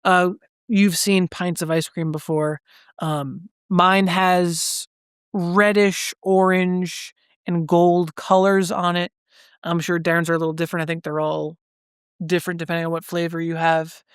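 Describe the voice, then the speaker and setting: A man co-hosting a podcast in casual chat, brisk and joking as he steers the review. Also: fairly high pitch, level tone, fairly bright tone, smooth, dry recording, clean studio sound. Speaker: podcast co-host.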